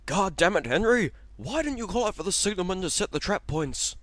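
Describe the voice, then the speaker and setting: An exasperated male express engine from a cartoon parody, scolding loudly, as a man puts him on. His voice is raised and pitched above the narrator's. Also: a little fast, no room sound. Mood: angry. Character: angry big express steam engine, male.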